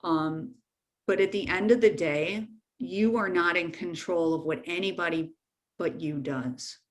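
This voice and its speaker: A woman's voice: on the low side, a little slow. Frank, plain-spoken woman counselor. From United States. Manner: frank, informal, repeats for emphasis. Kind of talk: webinar talk to teens.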